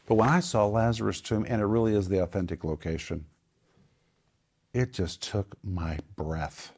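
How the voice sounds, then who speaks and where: A middle-aged man with a fairly low voice hosts a relaxed conversation. He tells stories animatedly, his voice climbing as he gets excited. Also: normal speed, breathy edge. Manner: animated storyteller, voice rising with excitement. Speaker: host. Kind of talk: casual chat.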